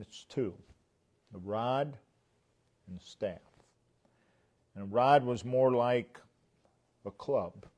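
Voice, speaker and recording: A man delivering a church sermon at an unhurried, measured pace. His voice sits at an ordinary middle pitch, and he stresses repeated words deliberately, letting phrases trail off softly at their ends. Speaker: preacher.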